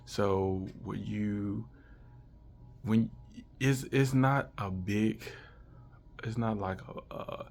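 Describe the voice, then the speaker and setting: A man's voice: on the low side, steady tone, extremely slow, gravelly, long pauses, darkish tone. A man in his thirties giving a casual, rambling product review to camera, with many restarts and fillers. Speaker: vlogger reviewing a language course.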